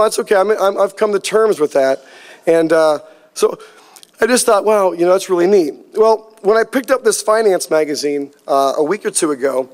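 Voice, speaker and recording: A man preaching a sermon, telling a lively personal story and acting out the dialogue. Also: high-pitched. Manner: storytelling, animated, acts out quoted dialogue. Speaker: pastor.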